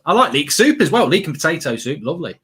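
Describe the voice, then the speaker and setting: A man's voice: fairly high pitch, big pitch swings, fast talker, a bit bright, husky. A man hosting a casual football watchalong, chatty and jokey, rambling and reading out live chat comments. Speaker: host.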